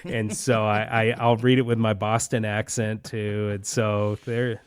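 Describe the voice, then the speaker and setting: Man in his fifties, low voice. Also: level tone, unhurried, clean tone, no room sound, clean studio sound. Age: 50s. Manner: joking, playful sports banter. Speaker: pastor. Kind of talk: casual interview chat.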